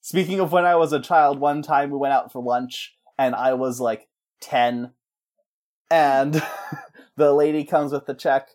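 A man chats casually while he pitches a story. His pitch sits in the middle range. He rambles and jokes, and he often breaks off into silly character voices. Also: steady tone, a little mellow. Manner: rambling, jokey, quick to slip into voices. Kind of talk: casual chat.

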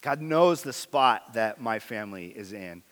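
A man preaching a sermon as pastor, earnest and candid, moving between loud emphasis and quiet intensity. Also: on the low side, animated, measured pace. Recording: long hall reverb.

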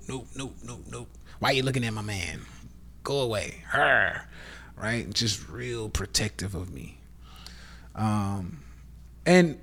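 A man with a Southern accent hosting a casual rant podcast, blunt and profane, lecturing his listeners as y'all. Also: on the low side. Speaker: podcast host.

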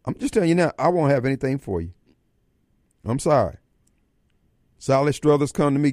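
A man's voice: mid-range voice, brisk, long pauses, no room sound, studio quality. A man hosting a political talk radio show, delivering a fiery monologue and acting out imagined critics. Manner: animated, acts out imagined callers and critics.

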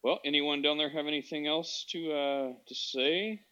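Bright-voiced casual host, lo-fi sound. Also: male voice, fairly high pitch, fairly even intonation, normal speed, smooth. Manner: easygoing, lots of fillers. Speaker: host of a social audio room. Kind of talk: casual chat. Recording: dull lo-fi audio.

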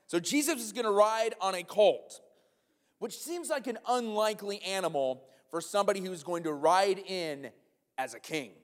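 Male pastor, animated sermon delivery, higher voice, church hall echo. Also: normal speed. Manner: animated, acts out a comic scene in a loud high voice.

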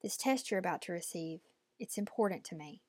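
A woman voicing a noble mother who speaks quietly and with restraint, in a dry recording. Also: lowish voice, expressive, a little fast, dry recording. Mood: restrained. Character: noble mother, anxious but composed.

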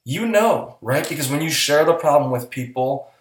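A man's voice: on the high side, lively intonation, normal speed. Earnest male podcast co-host, roomy sound. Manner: earnest, coaching, blunt with swearing. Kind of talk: casual podcast chat.

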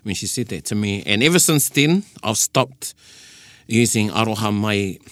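A man's voice: fairly low pitch, animated, normal speed, a bit bright, no room sound, clean studio sound. A man with a New Zealand accent, hosting a casual radio chat and patiently explaining points of Māori language. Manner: explains patiently, with many restarts and fillers. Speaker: host teaching Māori language.

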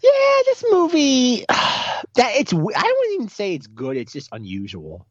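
Expressive man on a dull, dry mic. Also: very high voice, unhurried, no room sound. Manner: expressive, exasperated, tongue-tied at times. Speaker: podcast co-host. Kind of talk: casual movie-review chat.

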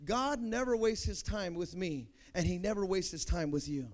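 A young man preaching a sermon as a pastor, swinging from loud emphatic peaks to quiet conversational asides. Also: sits high, moderate pace. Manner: preaching, rising to loud emphatic peaks then dropping soft.

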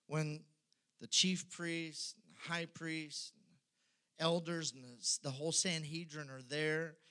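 A man preaching with a high, bright, ringing voice. He swings dramatically from pressing, loud delivery to low, hushed moments. A sermon style throughout. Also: little pitch movement, slow, smooth. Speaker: pastor.

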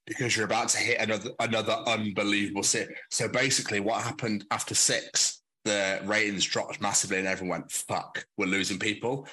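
A blunt man chatting on a podcast, telling stories with swearing and mimicking other people. His voice is fairly low and bright. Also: steady tone, fast talker, few pauses, rough recording. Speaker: podcast host. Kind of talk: casual chat.

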